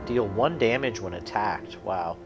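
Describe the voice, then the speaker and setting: Low voiced guy streaming a card game, thinking out loud, explaining rules, faint music. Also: lively intonation, a little slow. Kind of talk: casual streaming commentary.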